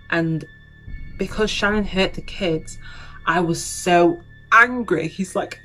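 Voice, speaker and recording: A woman's voice: on the low side, a little slow, a bit bright, faint music behind, rough recording. A young woman casually retelling a documentary on her channel, chatty and full of you-knows, acting out the quotes. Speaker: YouTuber.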